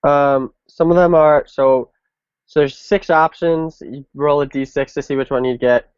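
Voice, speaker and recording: Halting man on a dull, dry line. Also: on the high side, steady tone, clean tone, no room sound. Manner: hesitant, halting, many ums. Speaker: younger brother, gaming channel host. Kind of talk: casual chat.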